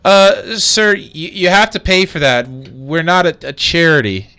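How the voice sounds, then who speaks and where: A man's voice: fairly high pitch, measured pace, bright, forceful tone, clear, resonant tone, faint music behind, voice pushed up. A man voicing a timid young male barkeep who stammers and hesitates out of fear.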